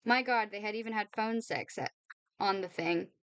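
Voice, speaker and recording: A woman reading a novel aloud for her channel, brisk and informal, now and then tripping over a word and apologizing. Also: mid-range voice, a bit bright, smooth. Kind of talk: read-aloud novel narration.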